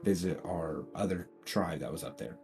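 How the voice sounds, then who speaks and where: A man voicing a calm, modest young male hero with water powers, in an offhand retelling with little change from his own voice. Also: deep voice, normal speed, faint music behind. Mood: easygoing.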